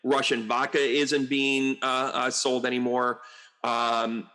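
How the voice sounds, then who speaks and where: A man's voice: mid-range voice, slow pace. A man, a psychic medium, rambling through casual commentary full of asides and exasperated outbursts. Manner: rambling and animated, with frequent asides and mocking quotes. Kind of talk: casual political commentary monologue.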